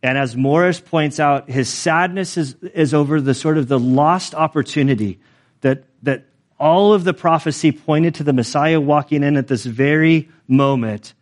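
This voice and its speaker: A man's voice: a little high, moderate pace. Conversational man preaching a sermon. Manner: conversational, self-deprecating preaching with frequent restarts and asides. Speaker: pastor.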